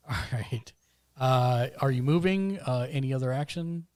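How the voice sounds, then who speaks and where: A man's voice: medium pitch, measured pace, darkish tone, no room sound, studio quality. A man running a tabletop game as game master, narrating the action steadily with small fillers.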